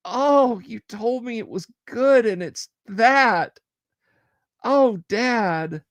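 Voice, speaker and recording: A man's voice: very high-pitched, expressive, drawn-out words, dry recording, muffled recording, pitched above the performer's own voice, exaggerated voice. A man voicing a mournful, let-down pet dog. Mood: disappointed. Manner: mournful, reproachful. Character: sad, disappointed pet dog.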